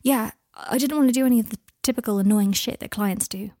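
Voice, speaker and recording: Woman reading as an earnest young wizard, husky. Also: a little high, fast talker, dark tone, dry recording, studio quality, close to an everyday voice.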